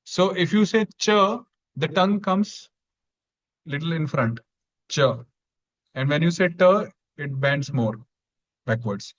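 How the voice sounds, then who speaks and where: A man's voice: medium pitch, a little slow, pauses often. A man teaching Sanskrit pronunciation in an online class, patient and repeating each sound for students to copy. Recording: dull lo-fi sound.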